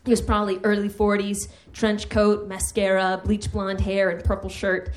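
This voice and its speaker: A woman's voice: mid-range voice, monotone, moderate pace. A woman hosting a live comedy night, reading her own humorous essay with a wry delivery that builds to mock outrage.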